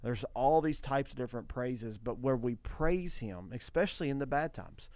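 A man's voice: mid-range voice, animated, moderate pace, darkish tone, no room sound. A man talking earnestly about worship, repeating phrases as he builds emphasis. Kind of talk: conversational preaching.

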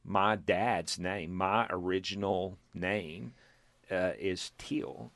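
Texas guy in his 50s telling a church story, lowish voice, dry close sound, acts out the quotes. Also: takes it slowly, gravelly, no room sound. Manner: animated storyteller, acts out quotes, chuckles, restarts. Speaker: church planter and pastor. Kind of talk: storytelling testimony in casual group talk.

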